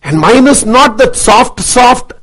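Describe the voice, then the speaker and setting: Intense high-pitched man speaking. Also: animated, slow pace, poor audio. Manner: intense, forceful, repetitive rhetoric. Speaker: motivational speaker. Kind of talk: impassioned speech to an audience.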